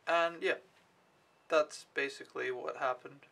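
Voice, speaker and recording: A man's voice: on the high side, fairly even intonation, measured pace, vocal fry, bright, forceful tone. A young man telling his day in a casual vlog, rambling and offhand, swearing freely. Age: young adult. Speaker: au pair vlogger.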